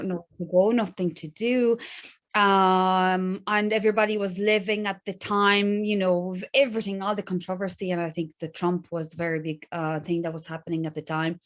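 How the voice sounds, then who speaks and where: A woman from Poland with a Polish accent, a guest in a casual interview, talking with many fillers and restarts and laughing often. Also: medium pitch. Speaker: podcast guest.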